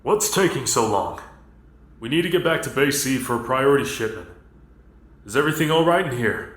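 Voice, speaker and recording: A man's voice: medium pitch, a bit bright, close to an everyday voice. A man doing a curt, nervous warehouse boss. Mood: urgent. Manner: curt, commanding, hurried. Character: terse, nervous male warehouse supervisor.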